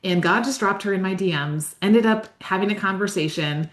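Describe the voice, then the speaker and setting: A woman's voice: mid-range voice, normal speed, reverberant. A woman hosting a faith-based podcast interview, enthusiastic and affirming as she introduces and responds to her guest. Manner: enthusiastic and affirming, gushes praise. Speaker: podcast host.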